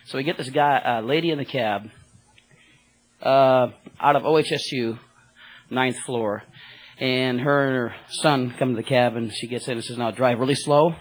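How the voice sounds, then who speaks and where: Husky-voiced male cab driver, rambling church testimony, excited, filler-heavy. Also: mid-range voice, moderate pace, low-quality recording.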